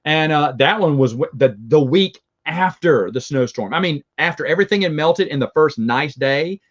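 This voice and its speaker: Hosting his review show, this Southern-accented man rambles and chuckles through a casual live chat with viewers. He sounds expressive and somewhat high-pitched at a normal pace, and the audio is dull.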